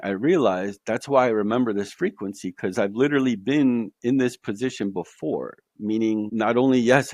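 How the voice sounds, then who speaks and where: A man's voice: on the low side, a little mellow, no room sound. A man telling his near-death experience as a podcast guest, earnest, with many fillers. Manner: earnest storytelling with fillers, quoting voices he heard.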